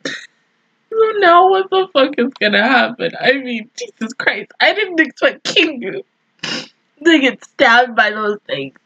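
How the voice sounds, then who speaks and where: A young woman with a somewhat high, husky voice rattles off an excited, swear-laden reaction to an anime episode. She exclaims and laughs between thoughts. The recording is dry and a little muffled. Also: takes it slowly, dry recording. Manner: profane, emotional, exclamatory, laughs often. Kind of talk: casual reaction commentary.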